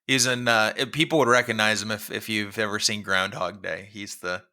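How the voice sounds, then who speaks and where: A man's voice: fairly low pitch, steady tone, brisk, sharp tone. A middle-aged man co-hosting a podcast, telling a rambling, self-deprecating story with frequent laughs. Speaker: podcast co-host. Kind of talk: casual chat.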